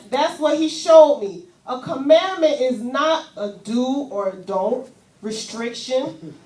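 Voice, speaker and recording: In an echoey church room, a woman preacher with a higher voice is picked up from afar. She preaches in an animated, conversational way with casual asides while volunteers join her on stage.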